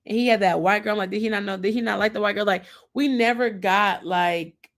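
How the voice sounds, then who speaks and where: A woman podcast host chats briskly through a TV recap, her voice medium in pitch with fairly even intonation. She rambles casually and mimics the people she talks about.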